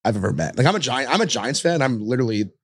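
Young male podcast guest, rapid storyteller, dry close sound. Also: medium pitch, lively intonation, a bit bright, breathy edge, no echo. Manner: rapid storytelling with lots of fillers and swearing. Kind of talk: casual chat.

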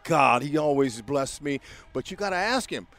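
A man in his sixties from California, a baseball broadcaster telling his stories as an interview guest. He is excitable and acts out the voices in his tales, with "man" at every turn. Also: a little high, normal speed. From California, USA. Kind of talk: animated storytelling interview.

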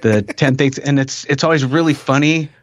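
Man, podcast host, animated, casual chat, dry close sound. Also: mid-range voice, moderate pace, dry recording. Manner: animated, talks with his hands.

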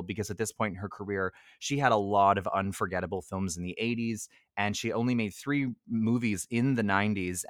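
A man's voice: on the low side, a bit bright, no echo, clean studio sound. A man co-hosting a podcast in casual chat, rambling with many restarts. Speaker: podcast co-host.

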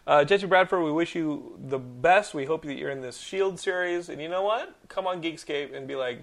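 A man in his thirties hosting a podcast, telling animated stories, ranting and swearing freely. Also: fairly high pitch, moderate pace, few pauses. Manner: animated storyteller, swears freely, rants loudly. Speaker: podcast host. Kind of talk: casual chat.

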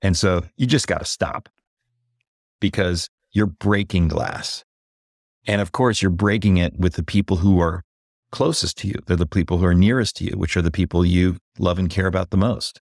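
A man being interviewed as an executive coach on a podcast, speaking candidly and reflectively, slowing down on key points and growing animated as he recounts a story. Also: low voice, no echo, studio quality. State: briefly emotional.

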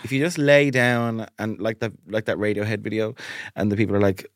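A man's voice: lowish voice, fairly even intonation, fairly quick, no room sound, clean studio sound. An Irish man co-hosting a comedy podcast, trading wry, opinionated banter in casual chat. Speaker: podcast co-host.

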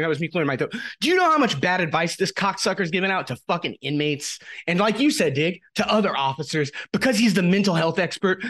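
Podcast host, male, higher voice, animated delivery, furious swearing rant. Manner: angry ranting, heavy swearing. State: upset to the point of tears. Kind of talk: casual chat.

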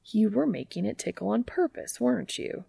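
A woman lowers her voice to play a guarded young man with a gruff, teasing edge in a fan fiction reading. He talks hushed and dry, with a heavy gravelly fry, close to the mic in a dead, dry space. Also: moderate pace, dry recording, full character voice. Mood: wry.

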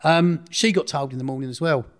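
A man's voice: on the high side, fairly quick, crowd noise. A middle-aged man, telling his story in an interview in a blunt, rambling way, often correcting himself. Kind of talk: casual storytelling.

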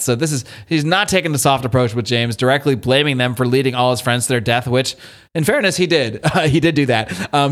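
A podcast host casually and animatedly recaps a comic's plot, swearing now and then. He talks fast in a mid-range, fairly bright voice.

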